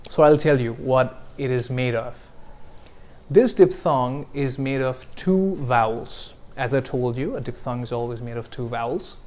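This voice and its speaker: Guy w/ teaching vowel sounds, super slow and careful, says each word for you to copy. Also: medium pitch, darkish tone. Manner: slow, deliberate, models sounds for repetition. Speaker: accent coach. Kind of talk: pronunciation lesson.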